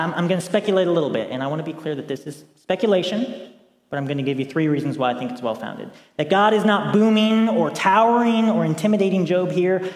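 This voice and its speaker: A man giving a sermon in a chatty, conversational way, with many fillers and restarts. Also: a little high. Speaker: lay preacher. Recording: echoey hall with long reverb.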